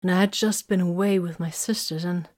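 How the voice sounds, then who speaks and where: A hurt, bitter young woman warrior pours out her feelings in an audiobook, as a woman reads her part. The voice sits a little low and carries raw emotion through long confessions. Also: fairly even intonation, fairly quick, a little mellow, close to an everyday voice. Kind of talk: audiobook character reading.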